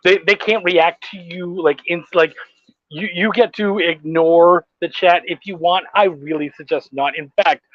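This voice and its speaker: A man's voice: high voice, fairly even intonation, unhurried, no room sound, highs cut off. A man hosting a podcast, chatting casually over a video call, easygoing and swearing freely. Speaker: podcast host.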